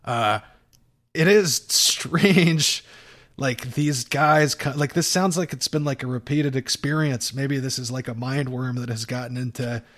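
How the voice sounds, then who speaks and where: Bright-voiced man in casual chat. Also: medium pitch, measured pace. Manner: laughing, profane, rambling with restarts. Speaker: podcast co-host.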